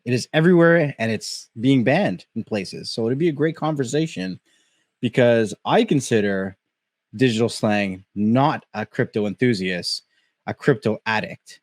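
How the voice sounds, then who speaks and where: A man's voice: mid-range voice, expressive, normal speed, no room sound, clean studio sound. A man hosting a casual podcast, talking in a hyped, slangy way. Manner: hype, slangy. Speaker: podcast host. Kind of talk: casual chat.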